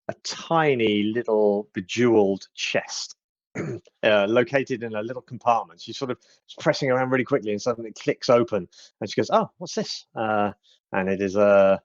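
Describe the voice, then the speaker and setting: A man narrating as game master in a relaxed, hesitant way. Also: lowish voice, a little slow, no room sound, dull audio. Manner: relaxed, hesitant, with many fillers.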